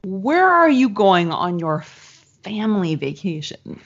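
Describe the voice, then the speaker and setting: A woman co-hosting a casual podcast chat, slowing down and drawling when she savors a topic, swearing playfully. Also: medium pitch, very animated. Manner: drawls slowly on favorite things, swears playfully. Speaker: podcast co-host. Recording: dull lo-fi podcast audio.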